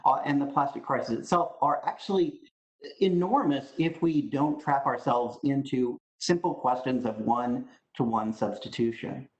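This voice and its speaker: A man's voice: medium pitch, echoey room, poor audio. A man giving firm, emphatic remarks as a panelist in an online discussion.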